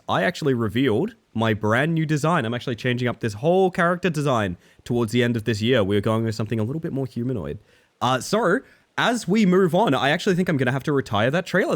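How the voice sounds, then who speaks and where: A young man from Western Australia with a Western Australian accent tinged with British, chatting playfully with viewers while gaming on a live stream. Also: a little high.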